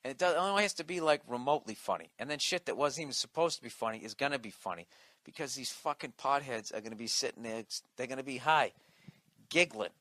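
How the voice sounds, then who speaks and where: A male comedian delivers a profane podcast rant full of mocking asides and impressions. His mid-range voice has a sharp tone, with no echo in the recording.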